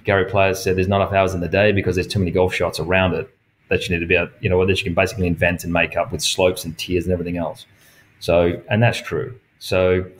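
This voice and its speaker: A man's voice: sits low, slight background noise. A man with an Australian accent, a golf pro and coach talking as a guest in a casual interview, telling stories and acting out quoted dialogue with frequent laughs. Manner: lively storyteller who acts out quoted dialogue; laughs often while talking.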